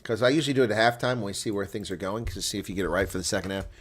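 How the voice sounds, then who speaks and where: A man's voice: lowish voice, very fast. A man hosting a casual live rugby watch-along, chatting loosely, laughing often and reading viewer comments aloud.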